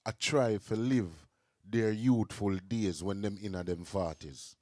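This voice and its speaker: A man's voice: lowish voice, a little slow, a little mellow, no echo, clean studio sound. Jamaican man talking in patois. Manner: earnest, explaining in patois. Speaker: podcast host. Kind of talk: casual chat.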